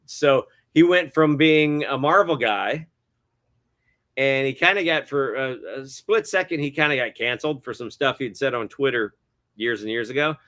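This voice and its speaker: A middle-aged man speaks as an interview guest, moving through his stories with plenty of hesitant fillers. His voice sits at an ordinary pitch, and his tone stays casual and chatty. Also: normal speed, pushed and bright. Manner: rambling, many hesitant fillers, chuckles often. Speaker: guest cinematographer.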